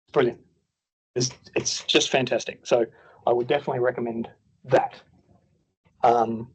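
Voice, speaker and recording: A man's voice: medium pitch, muffled recording. An Australian man teaching clinical staff, chatty and blunt, acting out patient dialogue as he goes. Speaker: clinical nurse educator. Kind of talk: workshop teaching.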